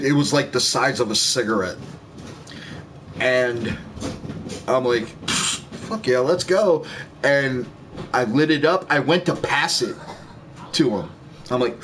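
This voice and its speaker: A man's voice: mid-range voice, fairly bright tone, slight background noise. A man casually telling a rambling story while gaming, laid-back and swearing freely. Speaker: gaming streamer.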